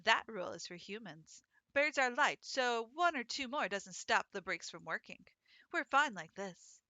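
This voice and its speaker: A woman voicing a tough, stern female sparrow who rides a scooter, talking gruffly and lecturing. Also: fairly high pitch, lively intonation, normal speed, bright, forceful tone, no room sound.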